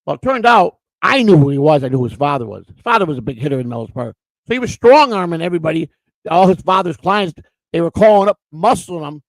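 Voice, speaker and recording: Gravelly, rambling man telling stories. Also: fairly high pitch, lively intonation, fast talker, no echo, low-quality recording. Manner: rambling storyteller, repeats words. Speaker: co-host. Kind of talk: casual livestream chat.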